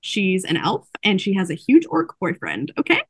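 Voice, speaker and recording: A woman hosting a casual podcast chat, recapping a book in animated storytelling and acting out the characters' lines. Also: mid-range voice, normal speed, vocal fry, slightly rough, no echo.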